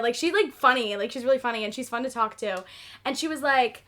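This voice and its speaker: A young woman with a bright, fairly high voice, telling stories as a podcast guest. She talks in an animated, bubbly way, slipping into the voices of the people she quotes. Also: fast talker. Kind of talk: casual storytelling.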